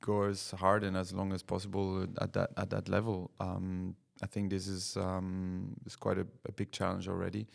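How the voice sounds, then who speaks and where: A middle-aged man with a low voice and a gravelly edge talks casually as a podcast guest. He pauses often on fillers and laughs his way through stories. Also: monotone. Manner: hesitant, many fillers, laughs through anecdotes. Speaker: racing driver guest.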